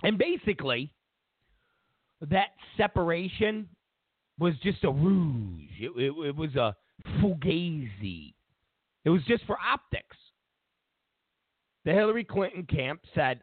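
A man's voice: a little high, big pitch swings, slow, long pauses, no room sound. A man hosting a talk show, ranting in a mocking, rambling way and circling back to the same phrases. His voice swoops widely and he takes his time. The sound is thin and phone-like, with no room around it. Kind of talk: comedic political rant. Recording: tinny phone-like line, dry.

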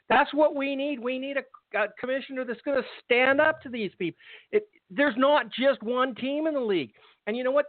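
This male football podcast host delivers a sarcastic, furious, profanity-filled tirade. His voice is very high, carries no echo, and comes through thin and phone-like.

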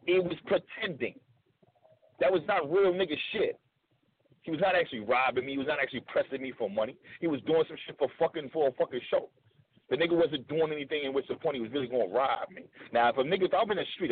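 A man's voice: on the high side, a little hiss or hum. A man guesting on a radio show, telling his side in a blunt, emphatic way and repeating points for stress. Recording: phone-like narrow sound.

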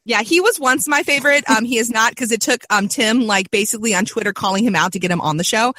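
A woman hosting a podcast in casual chat, an animated, chatty storyteller. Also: on the high side, fast talker, no room sound. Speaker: podcast host.

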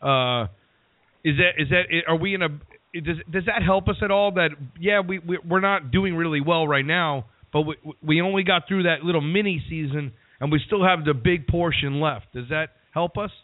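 A man hosting a radio interview, asking questions in a casual, chatty way with halting restarts. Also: a little high, no room sound. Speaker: radio host. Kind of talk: phone interview. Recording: tinny phone-quality sound.

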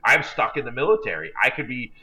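A man's voice: mid-range voice, very animated, quick pace, pushed and bright. A man co-hosting a podcast, telling a long self-deprecating story in a rambling, casual way. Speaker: podcast co-host. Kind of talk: casual chat. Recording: dull lo-fi recording.

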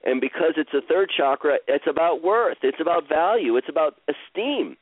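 A man coaching a caller through her feelings in a live session, with slow, soothing, repetitive guidance. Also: fairly high pitch, expressive, breathy edge, dry recording, narrow, tinny audio.

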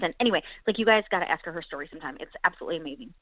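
A woman's voice: lowish voice, racing, few pauses, dry recording, narrow, tinny audio. A woman co-hosting a casual faith podcast, talking earnestly and encouragingly to her friend. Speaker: co-host.

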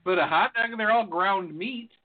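Joking high-voiced man on phone-quality audio. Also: moderate pace. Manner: joking, rambling. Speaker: podcast co-host. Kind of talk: casual banter.

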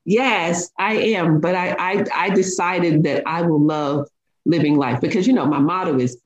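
A woman's voice: fairly low pitch, a little slow. A woman guest, a life coach, talking in an upbeat, motivational way during an interview. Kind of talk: interview talk. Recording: dull lo-fi sound.

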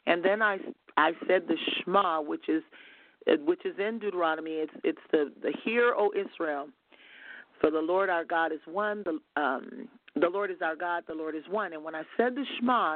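A woman's voice: on the low side, no echo. Radio guest minister, woman, earnest storyteller, heard over a phone line. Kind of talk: testimony on a call-in radio show. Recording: tinny phone line, dry.

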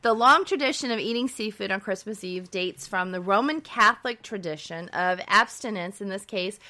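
A female co-host shares researched details in a friendly, chatty manner, reading facts aloud between remarks. Her voice is bright, at a middle pitch. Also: normal speed. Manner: reads facts aloud, friendly back-and-forth. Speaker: nurse practitioner co-host. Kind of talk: conversational podcast talk.

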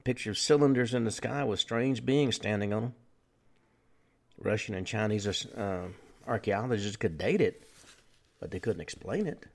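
Gravelly-voiced man hosting talk radio. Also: fairly low pitch. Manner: lecturing, with frequent pauses and "uh" fillers. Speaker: radio show host.

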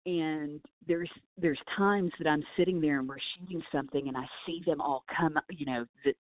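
A woman's voice: low voice, normal speed, dry recording. A woman, an animal handler, telling stories eagerly and animatedly in a casual interview. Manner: enthusiastic, animated storyteller. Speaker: film set snake wrangler and wildlife handler. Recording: tinny dry phone-line audio.

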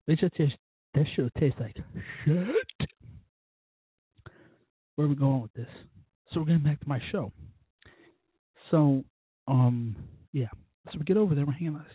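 A man's voice: medium pitch, lively intonation, normal speed, pauses often, no room sound. A drunk man hosting a podcast, rambling profanely through stories with quoted asides. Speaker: podcast host. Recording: tinny phone-like line, husky voice.

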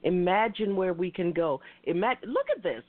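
A woman's voice: lowish voice, animated, moderate pace. Passionate woman radio host on a tinny line. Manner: effusive, passionate, rambling. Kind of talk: internet talk radio.

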